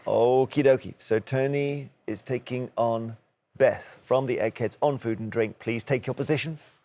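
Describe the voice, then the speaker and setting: A man's voice: medium pitch, moderate pace, mellow, slight background noise. A man hosting a quiz show in a TV studio, upbeat and teasing as he reads out questions.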